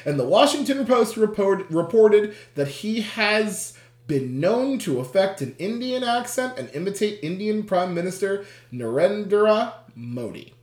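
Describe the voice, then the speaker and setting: A quiz host in casual chat, reading questions aloud, laughing often, swearing and reacting with loud dismay. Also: medium pitch, sing-song, measured pace. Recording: roomy echo.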